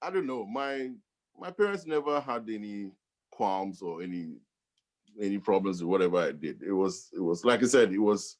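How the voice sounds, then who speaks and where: A man's voice: fairly low pitch, moderate pace. A middle-aged man from Ghana, a DJ and professor, telling stories in a casual interview and laughing often. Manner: laughs often, animated storytelling. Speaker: guest DJ and professor.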